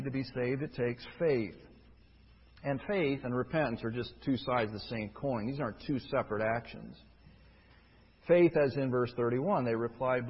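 A man preaching a sermon, emphatic, rising from quiet stretches to loud, forceful peaks. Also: medium pitch, husky. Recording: dull, lo-fi with long hall reverb.

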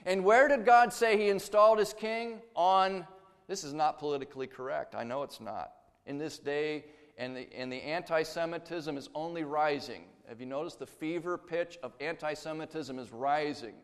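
A man preaching a sermon, emphatic, swinging between loud declarations and hushed asides. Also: on the high side, normal speed, clear, resonant tone. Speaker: pastor. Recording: long hall reverb.

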